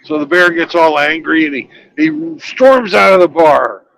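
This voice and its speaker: A man's voice: fairly high pitch, lively intonation, a little slow, creaky, fairly bright tone, a little hiss or hum, rough recording. A man hosting a casual talk show, joking with callers and telling a long joke. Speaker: host.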